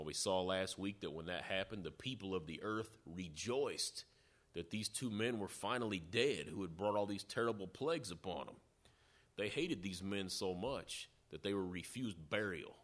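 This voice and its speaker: A man preaching a sermon, teaching through scripture in a measured way. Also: low voice, a bit bright. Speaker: pastor.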